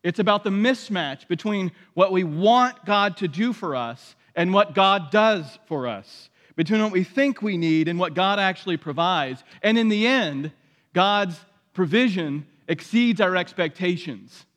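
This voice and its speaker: A man's voice: high-pitched, animated, a little slow, fairly bright tone. A man preaching a sermon as pastor, reading scripture aloud with dramatic emphasis. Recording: long hall reverb.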